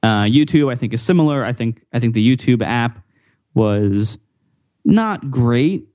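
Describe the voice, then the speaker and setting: A man's voice: mid-range voice, lively intonation, measured pace, darkish tone, dry recording, studio quality. Rambling man on a tech podcast. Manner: rambling, repeats words, frequent fillers. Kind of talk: casual tech podcast chat.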